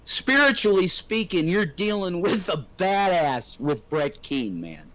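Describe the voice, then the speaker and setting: Slow, preachy man ranting on a livestream. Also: sits high, sing-song, a bit bright, dry recording. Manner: preachy, theatrical. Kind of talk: rambling livestream rant.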